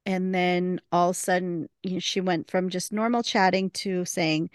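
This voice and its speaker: A woman's voice: fairly low pitch, fairly even intonation, normal speed, few pauses, no room sound, studio quality. A woman co-hosting a podcast, casually retelling a TV episode scene by scene, quoting characters and laughing often. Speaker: podcast co-host. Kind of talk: casual recap chat.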